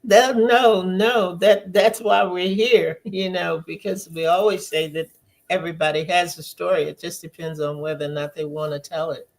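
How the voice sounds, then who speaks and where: A woman host speaking slowly and thoughtfully, repeating words as she thinks. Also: lowish voice, steady tone, creaky. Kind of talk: reflective conversation.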